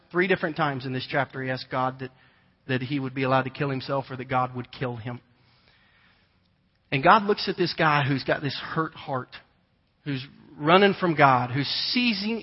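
A man, preaching a conversational sermon and telling stories with animated voices. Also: a little high. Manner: conversational storytelling, animated imitations of children. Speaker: pastor. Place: large church hall. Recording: long hall reverb, dull lo-fi sound.

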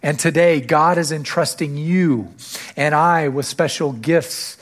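A man's voice: a little high, takes it slowly. A male pastor delivering a sermon to his church, repeating key phrases and lifting his voice to stress them. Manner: preaching with rising emphasis on key phrases.

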